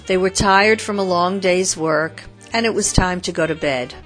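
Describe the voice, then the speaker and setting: Lady calmly reading a story, lowish voice, soft music under. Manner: calm, measured reading. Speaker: narrator. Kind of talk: storybook narration.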